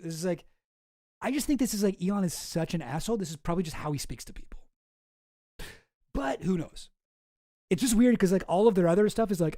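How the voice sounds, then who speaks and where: A man's voice: sits high, expressive, brisk, long pauses, dark tone, no echo, studio quality. A man on a casual livestream, reading messages aloud in mocking put-on voices and commenting sardonically. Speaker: streamer.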